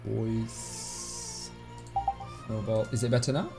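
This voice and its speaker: A man's voice: medium pitch, normal speed, loud music behind the voice. Chatty male game streamer. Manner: chatty, reads out and answers chat, laughs often. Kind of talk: casual live-stream chat.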